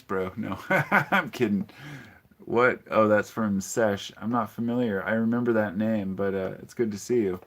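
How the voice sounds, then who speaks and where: A man's voice: on the low side, a little slow. A man hosting a casual live-stream podcast, rambling and opinionated as he greets viewers and answers their chat messages. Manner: opinionated, frequent ums and restarts.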